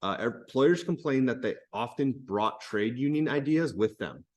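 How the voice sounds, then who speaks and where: A man's voice: mid-range voice, animated, moderate pace. A man, a teacher reading a history book aloud and breaking off for chatty explanations.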